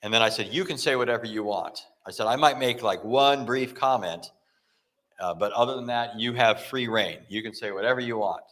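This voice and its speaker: A man's voice: mid-range voice, brisk, fairly bright tone. A man giving a talk on apologetics, telling a story and acting out the dialogue with frequent restarts. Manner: frequent self-corrections and restarts. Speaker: Christian apologetics speaker.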